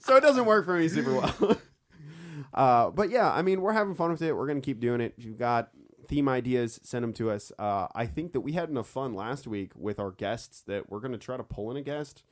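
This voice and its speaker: A man co-hosting a relaxed podcast, talking with friends and often breaking into laughter. His pitch swings widely as he jokes at his own expense. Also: fairly quick. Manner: laughs often, self-mocking, animated. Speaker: podcast co-host. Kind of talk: casual podcast chat.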